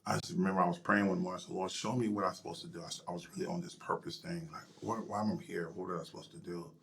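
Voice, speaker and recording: A middle-aged male pastor telling his personal story in an interview, emotional and halting, sometimes dropping to a near whisper. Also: low-pitched, fairly even intonation, creaky, a bit bright. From United States.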